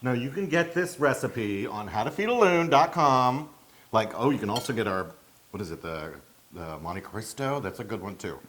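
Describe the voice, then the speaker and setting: A man's voice: lowish voice, lively intonation, normal speed, fairly bright tone, a little hiss or hum. A man co-hosting a cooking video, gushing and exclaiming as he tastes, laughing often. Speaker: cooking show co-host tasting the food. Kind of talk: casual cooking chat.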